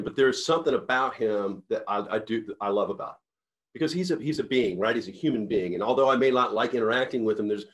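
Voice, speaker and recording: A man's voice: mid-range voice, a bit bright. A man, a company CEO, giving a motivational talk to sales reps in an earnest, rambling storytelling way with many restarts.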